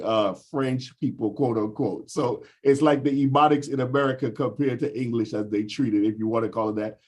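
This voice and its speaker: A man's voice: mid-range voice, darkish tone. A man from the US Virgin Islands, talking over a video call in a casual group discussion and explaining at length with frequent fillers.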